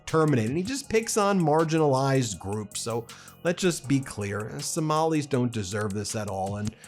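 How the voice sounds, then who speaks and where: A man's voice: medium pitch, very animated, normal speed. Male political commentator, indignant and impassioned, faint music behind.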